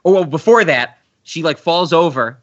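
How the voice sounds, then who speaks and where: A man's voice: a little high, lively intonation, moderate pace. A man co-hosting a film podcast, talking casually and rambling through the plot with many restarts. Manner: rambling, restarts, acts out quotes. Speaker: podcast co-host. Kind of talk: casual film review chat. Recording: slightly muffled audio.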